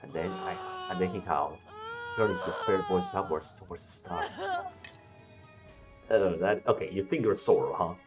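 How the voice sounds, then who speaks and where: A man's voice: low voice, moderate pace. A man streaming a game, reading its story text aloud and talking back to the characters with swearing and jokes. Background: game music.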